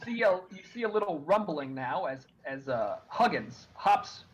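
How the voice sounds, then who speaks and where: A man narrating as game master of a tabletop game, halting and full of restarts. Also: high-pitched, big pitch swings, background noise.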